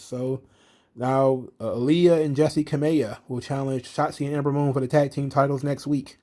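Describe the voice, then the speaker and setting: A man's voice: medium pitch, fairly even intonation, moderate pace, warm tone. A man giving a casual, sarcastic recap of a wrestling show, swearing often and speaking bluntly. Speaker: wrestling commentary host.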